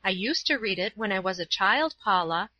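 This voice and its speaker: A woman doing a gentle, feverish young schoolteacher. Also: medium pitch, lively intonation, moderate pace, no echo. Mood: warm, delighted. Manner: gentle, motherly, softly earnest. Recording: slightly dull, dry recording.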